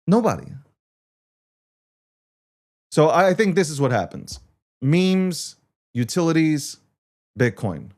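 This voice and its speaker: A male host riffs through casual market talk, cursing freely and laughing at his own losses. His voice sits a little high and leaps up and down with lively swings of pitch. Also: takes it slowly, pauses often. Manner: profane, animated, self-mocking rants. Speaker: show host.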